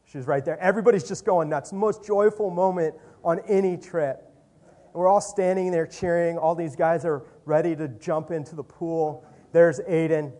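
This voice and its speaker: A man, a youth leader, telling a lively testimony story full of quoted dialogue. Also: a little high, normal speed. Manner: animated, lots of quoted dialogue.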